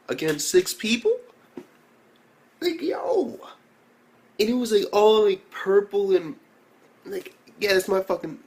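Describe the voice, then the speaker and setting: A young man reviewing an anime episode in a casual, excitable rant full of slang and swearing. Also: fairly high pitch.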